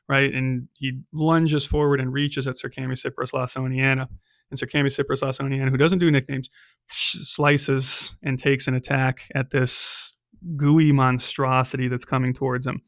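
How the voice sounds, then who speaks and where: A man's voice: mid-range voice, flat delivery, moderate pace, no echo, clean studio sound. A man narrating a solo tabletop game as game master, casual and chatty, peppering his telling with "right?" and "um".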